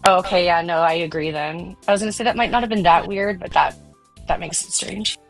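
A woman's voice: lowish voice, fairly quick, faint music behind, poor audio. Chatty woman co-hosting a live stream. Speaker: co-host of a live stream show. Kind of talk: casual chat.

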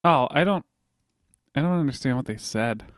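A man on a prank call, insistently complaining in a flat, deadpan way. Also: medium pitch, normal speed, a little hiss or hum. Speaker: prank caller. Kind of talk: casual prank call on a live stream. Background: music.

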